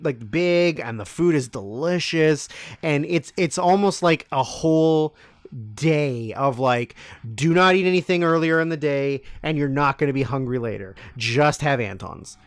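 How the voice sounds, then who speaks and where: Smooth-voiced man, rambling casual chat. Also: medium pitch, no echo, clean studio sound. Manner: rambling, profane storytelling. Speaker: podcast co-host answering listener questions.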